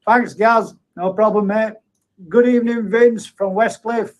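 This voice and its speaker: A man's voice: high voice, fairly even intonation, unhurried. A man hosting a live stream, chatting in a matey way and reading out viewer comments with frequent chuckles. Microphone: streaming setup at a computer.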